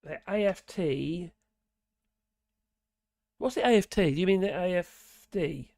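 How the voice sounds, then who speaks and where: Hoarse, gravelly Norfolk man chatting. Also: high voice, a little slow, darkish tone, no room sound, clean studio sound. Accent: Norfolk English. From Norfolk, England. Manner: rambling, chatty, muttering asides. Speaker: livestream host reading chat. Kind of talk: casual live-stream chat.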